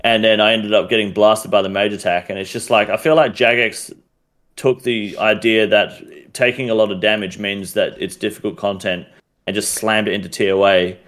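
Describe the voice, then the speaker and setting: A man's voice: fairly low pitch, fairly even intonation, moderate pace, fairly bright tone. A man with an Australian accent, a guest on a gaming podcast, chatting casually and ranting bluntly with lots of swearing. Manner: blunt, heavily profane, ranting. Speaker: podcast guest, game streamer.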